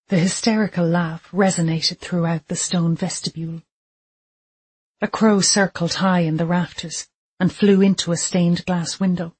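Breathy, measured audiobook narrator. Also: mid-range voice. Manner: steady, measured storytelling.

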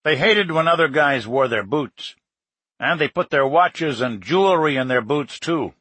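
A man voicing a dive boat captain who explains things in a slow, plain, matter-of-fact way. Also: on the high side, lively intonation, a bit bright, slightly rough, no echo, exaggerated voice.

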